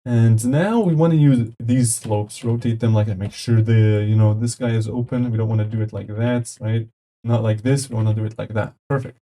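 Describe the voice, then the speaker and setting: A man's voice: lowish voice, steady tone, normal speed, mellow. A man casually talking through a game editor tutorial in a chatty, upbeat way, with lots of fillers and sound effects said aloud. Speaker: tutorial host.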